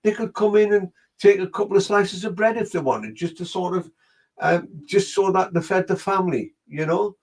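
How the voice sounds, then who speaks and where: High-voiced medium. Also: male voice, normal speed, darkish tone, low-quality recording. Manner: rambling storyteller, relaying a spirit's words. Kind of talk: live psychic reading.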